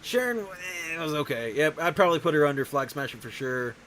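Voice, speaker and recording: A man's voice: on the high side, animated, brisk, crowd noise, rough recording. Rambling man in a casual chat. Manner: rambling, self-interrupting. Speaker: show host.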